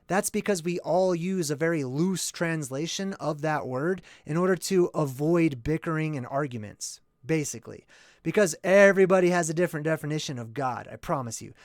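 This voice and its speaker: A man's voice: on the high side, normal speed, no room sound, clean studio sound. A man hosting his own channel, explaining in a casual livestream way, thinking aloud, correcting himself and checking in with his listeners. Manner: rambling, self-correcting. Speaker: channel host.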